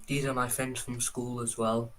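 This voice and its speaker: A man's voice: medium pitch, level tone, moderate pace, a bit bright, slight background noise. A young man from England co-hosting a casual live-stream chat about football, rambling and swearing casually as he reads out viewers' names. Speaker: football podcast co-host.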